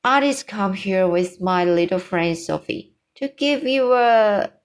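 A friendly, bumbling giant who muddles his words, as a woman reads him aloud. He speaks at a slow, unhurried storybook pace. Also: medium pitch, expressive. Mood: earnest. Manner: garbled mixed-up words.

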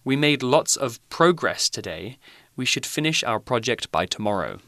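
A man's voice: medium pitch, very animated, moderate pace, a bit bright, dry recording, clean studio sound. A man from England co-hosting an English lesson, explaining vocabulary in a chatty way with frequent fillers. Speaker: English teacher co-host.

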